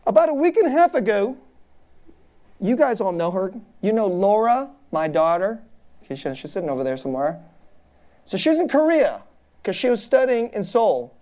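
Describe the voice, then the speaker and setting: A middle-aged woman pastor gives a relaxed children's sermon before a church congregation. She speaks in a mid-range voice, poses questions to the kids and laughs often as she explains. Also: medium pitch, normal speed. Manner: chatty, informal, asks questions, laughs often.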